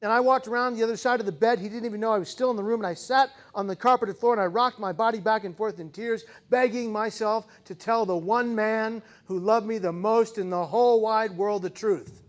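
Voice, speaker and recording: Man in his forties, high voice, keynote speaker, dramatic storytelling, loud then hushed. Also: fairly even intonation, fairly quick, few pauses. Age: 40s. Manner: dramatic, swings between loud intensity and hushed quiet. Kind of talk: personal storytelling speech.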